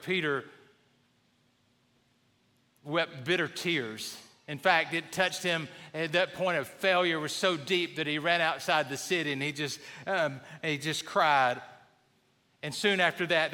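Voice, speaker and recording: A male pastor preaching in a church, chatty and humorous as he tells stories. His voice sits high and bright. A long hall reverb trails behind each phrase. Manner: conversational storytelling with humor. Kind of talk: sermon. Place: church sanctuary.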